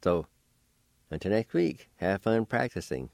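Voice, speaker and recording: A man hosting a radio language lesson, spelling out words letter by letter and pronouncing them slowly and patiently. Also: low-pitched, very animated, darkish tone, no echo. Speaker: radio host teaching a language. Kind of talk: slow spelling and pronunciation lesson.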